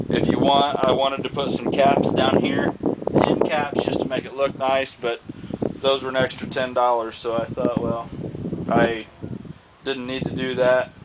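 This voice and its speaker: Outdoors, a man rambles through a show-and-tell of his homemade target stand, restarting often and using many fillers. He's a hobbyist vlogger with a mid-range voice. The audio is very noisy.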